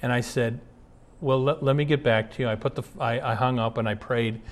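A man's voice: mid-range voice, fairly even intonation, brisk. A man, a pastor, giving an earnest sermon built around personal stories, reading passages aloud and then recounting anecdotes from his ministry. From Twin Cities area.

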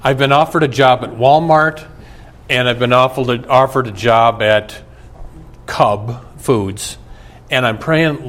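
A man's voice: medium pitch, unhurried, a bit bright. Male host, affirming, attentive interviewer. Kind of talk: interview conversation.

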